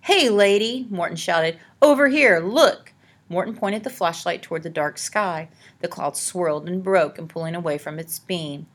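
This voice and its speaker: Audiobook narrator: woman, lowish voice, dramatic storytelling delivery. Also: steady tone, normal speed, hardly any pauses, breathy edge. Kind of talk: scripted narration.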